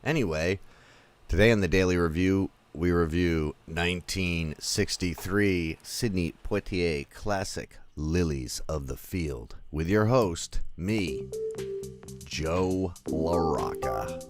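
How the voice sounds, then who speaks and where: Man, very low voice, casual movie review host, rambling and chatty, lots of ums. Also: slow pace, over music. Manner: rambling, chatty, with many fillers.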